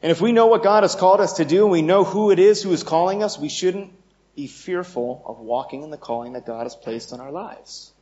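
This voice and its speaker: A man preaching a sermon with an earnest, emphatic delivery that swells into bold declarations. His voice sits a little high for a man. The recording sounds dull and lo-fi. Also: brisk, darkish tone.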